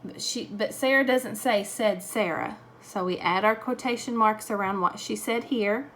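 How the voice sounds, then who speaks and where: A woman teaching a grammar lesson, explaining punctuation slowly and patiently. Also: medium pitch, a bit bright, slight background noise.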